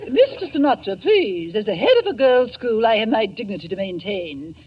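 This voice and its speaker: A woman's voice: medium pitch, big pitch swings, moderate pace, breathy edge. An actress playing a prim, dignified headmistress of a girls' school in a 1940s radio comedy, on a muffled old recording with hiss. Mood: gushing. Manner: prim, genteel, flustered. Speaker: school head.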